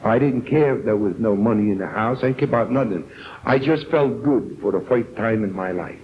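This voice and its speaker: A man's voice: lowish voice, a little fast, a little hiss or hum. An older man with a New York accent, telling his own story earnestly to a recovery meeting and acting out the people he quotes. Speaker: AA speaker. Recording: tinny old tape recording.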